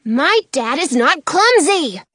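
A woman's voice: a little high, sing-song, no echo, clean studio sound. A woman voicing a spirited girl who snaps back earnestly in a storybook reading. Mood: upset. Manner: quick to snap back, earnest.

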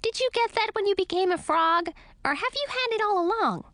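A woman doing a chatty bossy bat lady, way up high, voice leaps all over, dry close sound. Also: expressive, fairly quick, a bit bright, no room sound. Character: bossy talkative female bat.

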